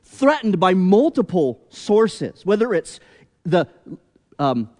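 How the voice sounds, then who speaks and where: A man preaching a sermon in a higher-than-usual voice that rises and falls expressively. He takes his time, pressing each point with rhetorical questions, and his words ring with the long reverb of a large church hall. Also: big pitch swings, slow, a little mellow. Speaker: pastor.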